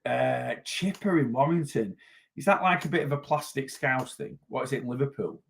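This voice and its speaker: A man's voice: mid-range voice, lively intonation, normal speed, creaky. A man from the North West of England talks loosely and at length. He is a weight loss coach on a casual livestream, rambling along and picking up viewer comments in an ordinary mid-range voice.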